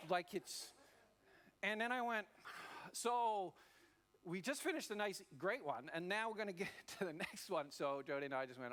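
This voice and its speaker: Animated pastor, lively pitch. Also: male voice, a little hiss or hum. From Australia. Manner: animated storytelling, acting out voices. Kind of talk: sermon. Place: church.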